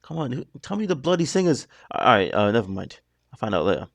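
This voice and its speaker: A man's voice: mid-range voice, sing-song, quick pace, vocal fry, slight background noise. A man hosting a reaction video, talking through the music in a chatty, rambling way that keeps breaking off mid-thought. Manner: chatty, rambling, self-interrupting. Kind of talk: casual rambling commentary.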